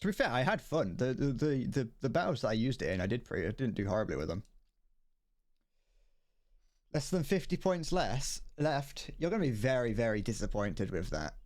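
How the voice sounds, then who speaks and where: A man's voice: mid-range voice, very animated, fast talker, hardly any pauses, darkish tone. A young man streaming a tank game, chatting casually with viewers and often restarting sentences. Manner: rambling, frequent restarts and chuckles. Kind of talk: casual gaming livestream chat. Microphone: desk mic, wearing headphones.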